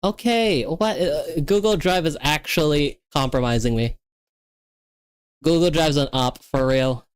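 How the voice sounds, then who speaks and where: A young woman streaming herself coding, talking excitedly and repeating herself as things work or fail. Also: low voice, measured pace, smooth, no room sound. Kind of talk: livestreamed coding session chat.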